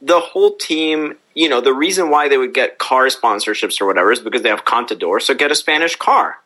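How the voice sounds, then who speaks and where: A man's voice: medium pitch, animated, brisk, pushed and bright. A man co-hosting a casual podcast chat, explaining things matter-of-factly.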